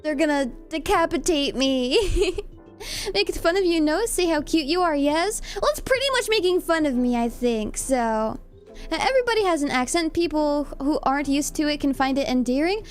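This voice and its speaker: A young woman with a Californian accent chats casually with her viewers as a streamer. Her voice sits high and light, and she talks in a giggly, playful, self-deprecating way. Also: lively intonation, moderate pace, soft background music. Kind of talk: casual chat reading live comments.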